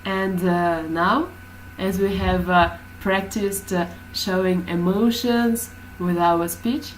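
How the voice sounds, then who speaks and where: A woman's voice: on the low side, fairly even intonation, takes it slowly, slight background noise, rough recording. A woman teaching a class, explaining hesitantly with many fillers.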